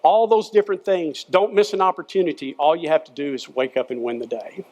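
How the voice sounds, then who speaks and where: Older man, former football coach, school chapel sermon, folksy, earnest, slightly high voice. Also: fairly quick, darkish tone. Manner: earnest, folksy, encouraging, speaking in short repeated phrases.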